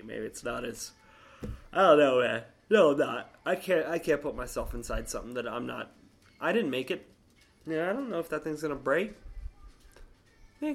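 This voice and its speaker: A man in his thirties telling a story casually, animated and swearing, acting out quotes in a higher voice. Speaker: vlogger.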